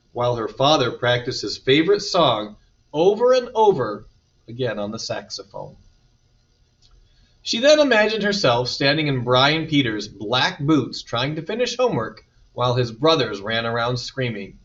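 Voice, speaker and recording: Read-aloud narrator: man, animated storytelling, mid-pitched voice, mic set a bit away, muffled sound. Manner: lively, expressive storytelling. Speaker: storybook reader. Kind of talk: reading a children's picture book aloud. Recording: dull distant recording.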